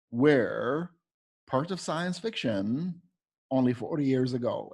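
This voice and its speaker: In a recorded teaching walkthrough, a teacher trainer guides teachers through a lesson by asking and answering his own questions in sequence. His voice is mid-range, husky, and darkish in tone.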